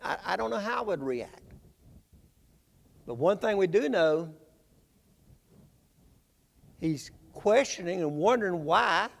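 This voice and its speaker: A man preaching a Bible-class sermon in a halting, conversational way, often repeating words. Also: sits high, lively intonation, creaky. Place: church sanctuary. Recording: reverberant church hall.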